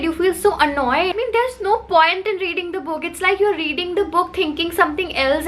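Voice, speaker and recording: High, bright-voiced woman ranting. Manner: heated, emphatic ranting with repetition. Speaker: book reviewer. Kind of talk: to-camera book review.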